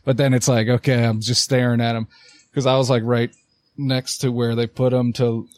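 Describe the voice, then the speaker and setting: A man's voice: mid-range voice, moderate pace, no room sound. Swearing young man telling a story. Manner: animated storytelling, heavy swearing. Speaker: podcast co-host. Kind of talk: casual chat.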